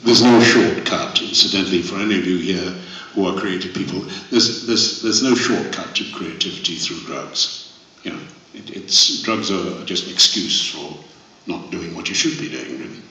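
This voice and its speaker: A man's voice: deep voice, moderate pace, few pauses, pushed and bright. An older man from Wales answering fan questions at a convention panel, genial, rambling and self-deprecating. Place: large convention hall. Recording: echoey hall, distant mic.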